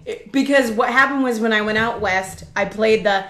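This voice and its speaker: A woman's voice: on the high side, moderate pace, few pauses, fairly bright tone. A woman from the Boston area, co-hosting a podcast in casual, laughing chat. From Boston area, USA. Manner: chatty, laughing, mimics voices in quotes. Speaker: podcast co-host. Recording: echoey room.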